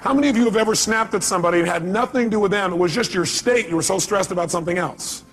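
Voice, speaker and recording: A man's voice: high voice, rapid-fire, a bit bright, slight background noise. A man speaking live at a seminar, emphatic and repeating his key phrases, firing questions at the audience. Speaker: motivational speaker. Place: seminar hall.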